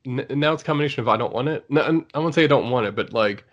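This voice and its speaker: A man's voice: mid-range voice, rapid-fire, a bit bright, highs cut off. A man co-hosting a casual chat about shows, rambling with lots of fillers and restarts. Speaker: podcast co-host.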